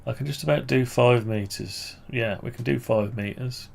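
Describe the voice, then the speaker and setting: A man's voice: mid-range voice, normal speed, vocal fry. A man walking through his amateur radio antenna project on screen, thinking aloud and correcting himself as he goes. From United Kingdom. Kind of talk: casual screen-share walkthrough.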